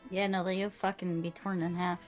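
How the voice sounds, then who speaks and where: A woman's voice: fairly low pitch, little pitch movement, moderate pace, faint music behind. A young woman co-hosting a visual novel stream, chatting casually with frequent laughs and offhand swearing. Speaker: co-host playing a visual novel. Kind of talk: casual chat.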